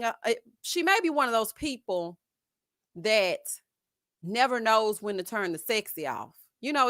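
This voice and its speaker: A woman hosting a live stream, giving sassy, animated commentary and calling her viewers "honey" and "child". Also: a little high, no echo, studio quality. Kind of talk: casual reality-show commentary.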